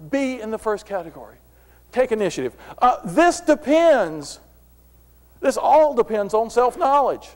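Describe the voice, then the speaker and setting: A middle-aged man giving a motivational philosophy talk to an audience, telling stories and acting out the dialogue. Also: high-pitched. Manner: animated storyteller, acts out dialogue. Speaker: philosophy speaker. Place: large room before an audience. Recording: long hall reverb.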